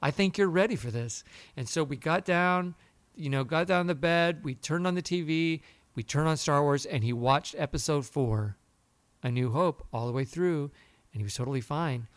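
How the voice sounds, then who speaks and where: Guy on a podcast telling a story, slightly high voice, dry close sound, acts out all the quotes. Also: moderate pace, dry recording. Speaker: podcast co-host. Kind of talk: casual chat.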